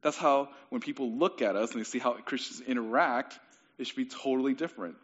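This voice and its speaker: A man's voice: medium pitch, a little fast, a bit bright. Casual young male preacher, lo-fi recording. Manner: casual, conversational preaching with frequent restarts. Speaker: pastor. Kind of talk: sermon. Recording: dull lo-fi recording.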